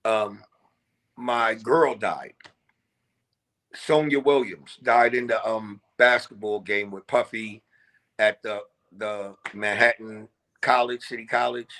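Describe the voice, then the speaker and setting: A man's voice: fairly low pitch, steady tone, a little slow, fairly bright tone. A man who is a guest rapper, telling his story in an interview in a reflective, laid-back way. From New York.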